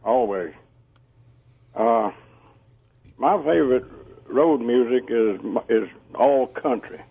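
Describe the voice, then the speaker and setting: A man calls in to a radio show. His voice is gravelly and a little husky, and he talks slowly and warmly. It comes over a dull, muffled phone line. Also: mid-range voice. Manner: slow, friendly, chuckling. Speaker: radio caller.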